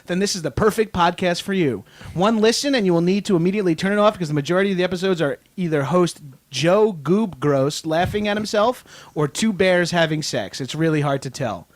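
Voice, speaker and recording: A podcast host in his thirties with a Long Island accent reads out listener roasts. His voice sits fairly high for a man. He is self-mocking and mock-indignant, laughing often. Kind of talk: reading listener reviews aloud, casual chat.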